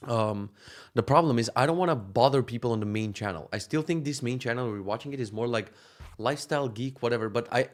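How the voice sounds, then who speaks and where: A man's voice: mid-range voice, quick pace. A young man chatting casually in a rambling, profane, joking vlog, with a sore throat. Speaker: vlogger. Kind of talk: casual chat.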